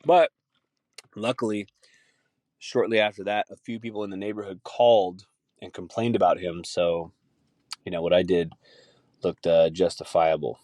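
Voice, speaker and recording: A man's voice: sits low, steady tone, moderate pace, pauses often, a little mellow, no room sound. A man hosting a podcast, ranting in a profane, casual chat and laughing easily. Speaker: podcast host.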